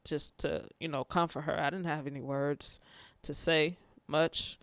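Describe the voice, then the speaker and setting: A man speaking haltingly, fighting back tears as he talks about his grief. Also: a little high, little pitch movement, a bit bright, clean tone, no room sound. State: tearful. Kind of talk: personal testimony on grief.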